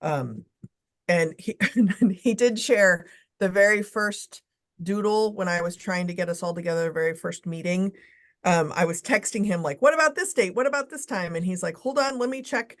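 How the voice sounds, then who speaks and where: A woman chairing a committee meeting on a video call, brisk and casual, blunt, with the odd swear word. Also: medium pitch.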